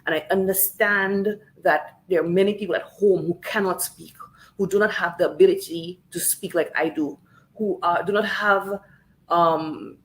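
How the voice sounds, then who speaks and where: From her home in Canada, a woman from Saint Lucia hosts a political livestream, tearful and earnest as she repeats phrases for emphasis. Her voice is lowish and steady at a normal speed, and the recording is rough.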